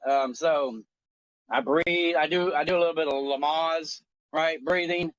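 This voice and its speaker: A man in his forties on a talk show, telling a story in an animated, profane, joking way. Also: fairly high pitch, a little slow, dry recording, muffled recording. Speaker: co-host. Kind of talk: casual chat.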